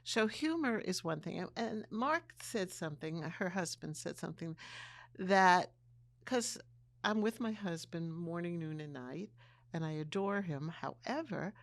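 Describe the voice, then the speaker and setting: A woman in her eighties co-hosting a casual conversation, telling family stories and getting animated when she retells a joke. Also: fairly low pitch, a little slow, creaky. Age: 80s. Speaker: podcast co-host, mother-in-law.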